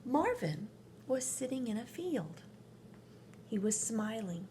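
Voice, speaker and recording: A woman reading a children's storybook aloud, slow and expressive, often dropping to a whisper. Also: fairly high pitch, husky. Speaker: parent reading to her children.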